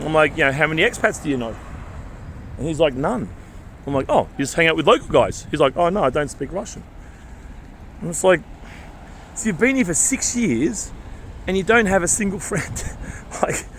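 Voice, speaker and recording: Australian male vlogger, slightly higher voice, loose rambling delivery, street noise faint behind. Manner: rambling, thinking aloud, frequent restarts. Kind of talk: casual reflective talk to camera. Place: city street outdoors.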